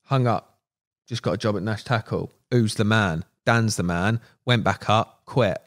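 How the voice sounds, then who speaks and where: A young man, appearing as a podcast guest, unhurriedly shares casual stories with a lowish voice. He's animated and full of slang, and he acts out the quotes.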